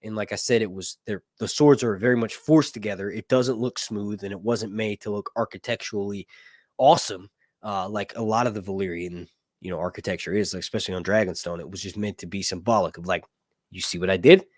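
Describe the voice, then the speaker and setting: A man's voice: fairly low pitch, steady tone, fairly quick, dry recording, clean studio sound. A young man hosting a casual livestream, rambling and joking crudely. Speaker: YouTube show host.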